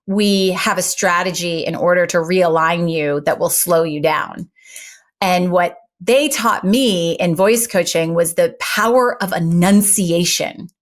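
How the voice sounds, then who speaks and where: A middle-aged woman, a former news anchor turned speaking coach, talking in an interview with articulate, emphatic and animated delivery. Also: mid-range voice. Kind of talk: conversational interview.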